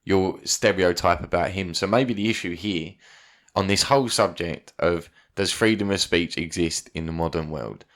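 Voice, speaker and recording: A man's voice: deep voice, normal speed, a bit bright. A man co-hosting a podcast, chatting casually with wry, laughing banter. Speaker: podcast co-host.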